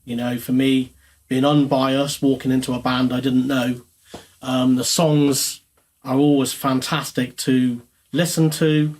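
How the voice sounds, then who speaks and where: Hesitant musician answering a question. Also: male voice, medium pitch, flat delivery, a little slow, a little mellow. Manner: thoughtful, hesitant, many ums. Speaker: touring band musician. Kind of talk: interview answer.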